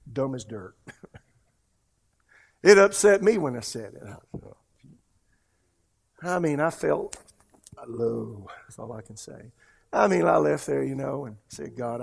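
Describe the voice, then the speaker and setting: A man preaching a sermon as pastor, telling stories and swinging between hushed lines and loud, emphatic ones. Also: fairly high pitch, gravelly, breathy edge.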